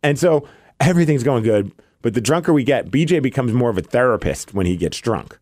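A podcast co-host with a mid-range voice talks fairly quickly with no echo in a casual chat. He's an animated storyteller who acts out the people he quotes.

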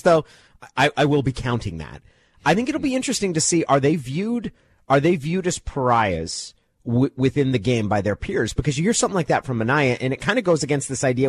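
A male host giving measured analysis in casual sports talk. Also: mid-range voice, big pitch swings, breathy edge, no echo.

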